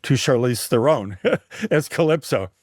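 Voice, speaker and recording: A man guesting on a talk show, retelling an ancient myth with lively expression and frequent restarts. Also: medium pitch, a little slow, dry recording, clean studio sound. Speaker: guest, mythologist and writer. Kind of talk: animated storytelling in conversation.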